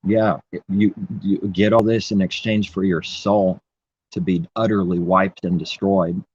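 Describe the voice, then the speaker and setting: Low husky preachy man. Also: steady tone, unhurried, darkish tone, no echo, highs cut off. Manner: preachy, rambling, repeats phrases. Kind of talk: impassioned religious monologue.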